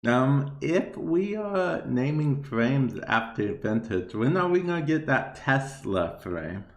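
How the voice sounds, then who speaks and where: Slow-talking man in an echoey room. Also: medium pitch, big pitch swings. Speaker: podcast host. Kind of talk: casual podcast chat.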